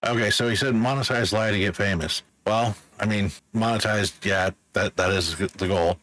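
A man with a fairly low voice talks over a music reaction in a relaxed, unscripted way. He stops the track often to think aloud and explain what he hears. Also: normal speed, low-quality recording. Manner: thoughtful, explains as he goes. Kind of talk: casual reaction commentary.

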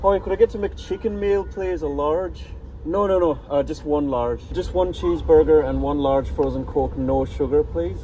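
A man's voice: fairly high pitch, normal speed, mellow, muffled recording, a little hiss or hum, lightly acted. A man ordering food in a car at a drive-through while doing a playful, clumsy Irish accent over his Australian voice. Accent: put-on Irish over Australian.

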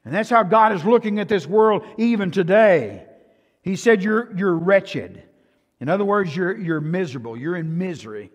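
An older man with a Texan accent preaching a sermon as pastor, swinging from hushed to loud and often repeating himself. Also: high voice, lively intonation, normal speed. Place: church sanctuary. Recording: long church hall reverb.

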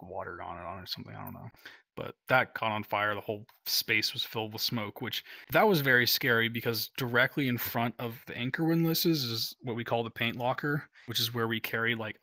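A man's voice: mid-range voice, vocal fry, pushed and bright, no room sound. A man from the United States, a Coast Guard veteran, casually telling stories full of "like" and "um" fillers, laughing now and then. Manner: rambling, heavy use of "like" and "um" fillers. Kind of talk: casual storytelling.

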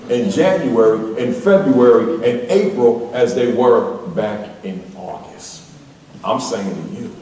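A man's voice: mid-range voice, darkish tone, slight background noise. A man giving a motivational keynote speech to school staff, emphatic and repetitive, leading the audience in call-and-response chants. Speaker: motivational speaker at a school staff opening meeting. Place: large hall or auditorium. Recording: echoey hall, mic far off.

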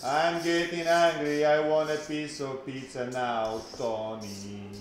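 A man's voice: fairly high pitch, steady tone, slow, roomy sound, a little hiss or hum. A man with an Italian accent hosting a live cooking class, joking and exclaiming in Italian.

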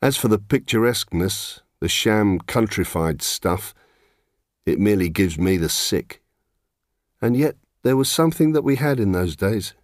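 A man's voice: fairly low pitch, expressive, measured pace, no room sound, studio quality. A middle-aged man narrating in the first person, wry, reflective and plain-spoken.

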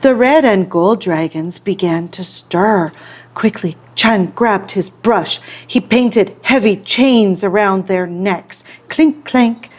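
Woman storytime teacher reading a picture book; slow, clear, expressive. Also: medium pitch. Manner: expressive, clear read-aloud.

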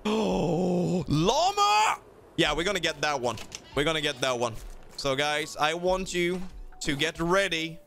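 A man hosting a let's play, chatting playfully with excitable exclamations as he explores. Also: fairly high pitch, slight background noise. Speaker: gaming video host.

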